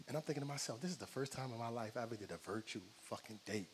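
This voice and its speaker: A middle-aged New Jersey man does stand-up on a comedy club stage before an audience, telling stories animatedly and acting out both sides of every exchange. His voice is medium-pitched and fast, with big-room sound and slight background noise.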